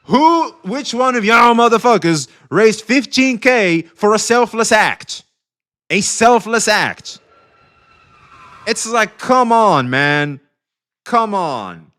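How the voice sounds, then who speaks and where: Animated high-voiced male streamer. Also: slow. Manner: animated, swings between excited and quietly emotional; swears freely, talks straight to chat. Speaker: livestreamer. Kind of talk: casual livestream chat.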